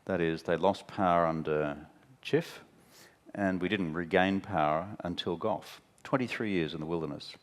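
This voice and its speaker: On stage at a talk venue, a deep-voiced Australian former prime minister, seemingly in his fifties, tells stories in a candid interview. Animated, wry and blunt, he mimics the people he quotes, speaking at normal speed.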